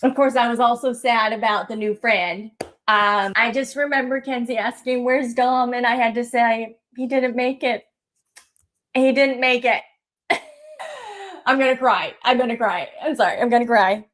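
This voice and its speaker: A woman's voice: a little high, steady tone, moderate pace, fairly bright tone, natural voice. A woman acting as a self-pitying mother in a comedy parody, mock-sobbing and sarcastic. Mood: mock-tearful. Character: self-pitying mother of a young woman, fake-tearful and mocking. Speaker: actor in a parody sketch.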